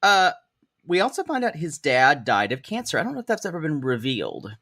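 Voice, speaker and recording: Animated sarcastic man recapping TV. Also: a little high, fairly quick, no room sound, studio quality. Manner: animated, sarcastic, laughs while talking. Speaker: podcast co-host. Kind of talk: casual chat recapping a reality show.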